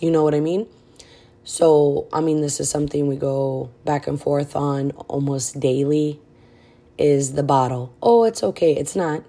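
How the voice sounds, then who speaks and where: A woman with a low, dark, mellow voice gives casual podcast advice, frank and direct with plenty of fillers. She sounds out of breath the whole time. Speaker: podcast host.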